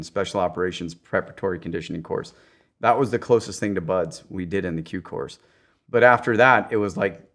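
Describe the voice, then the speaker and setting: A man, a special operations veteran, telling stories casually on a podcast, acting out quotes in raised voices and swearing freely. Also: on the low side. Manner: animated storyteller who acts out quotes in raised voices. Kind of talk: casual storytelling.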